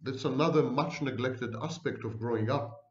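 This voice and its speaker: A man who is a psychology professor, giving a lecture to camera with wry, theatrical asides and slow, deliberate emphasis. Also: mid-range voice, roomy sound, dull audio.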